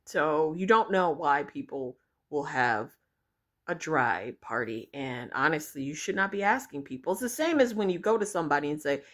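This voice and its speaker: A woman's voice: deep voice, animated, normal speed, fairly bright tone. A young woman vlogging her opinions, blunt and exasperated, swearing freely as she rants to her viewers. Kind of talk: opinion rant to camera.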